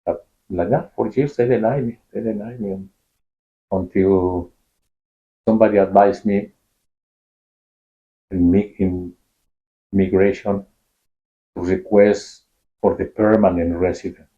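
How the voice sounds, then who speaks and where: A man telling his story in an interview, speaking haltingly and searching for words. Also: deep voice, fairly even intonation, phone-quality sound. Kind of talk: personal interview.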